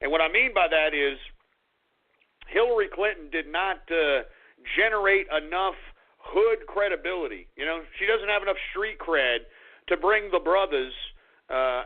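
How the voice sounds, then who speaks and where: High-voiced ranting radio host, man. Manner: profane, ranting, sarcastic. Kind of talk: call-in talk radio. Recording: tinny phone-like lo-fi audio.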